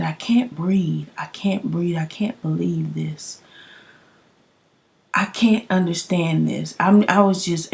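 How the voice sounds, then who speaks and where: A young woman, telling a story in a loud, profane vlog rant full of emphatic rhetorical questions. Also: low-pitched, gravelly. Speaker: vlogger.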